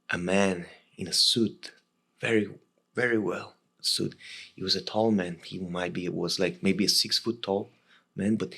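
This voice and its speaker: A man in his thirties from Costa Rica with a Spanish accent, telling a personal story as an interview guest in halting, repetitive speech. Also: deep voice, vocal fry, a bit bright. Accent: Costa Rican Spanish. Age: 30s. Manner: halting, repeats and restarts words often. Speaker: guest, former legionnaire.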